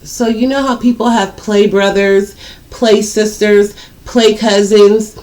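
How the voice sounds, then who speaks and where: Taking it slowly, a storytime vlogger with a mid-range, flat and slightly mellow voice recounts something personal to her viewers. Her style is casual, blunt and full of profanity; she talks straight to the audience and repeats words to stress them.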